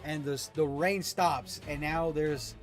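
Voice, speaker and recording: A man running a tabletop game as game master, narrating the scene in an animated way. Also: a little high, unhurried, soft background music. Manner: animated, shouts out monster lines.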